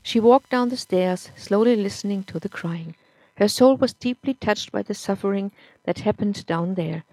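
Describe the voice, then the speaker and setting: A woman narrating a story in a measured, somber reading. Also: medium pitch, warm tone, slight background noise. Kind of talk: audiobook-style story reading.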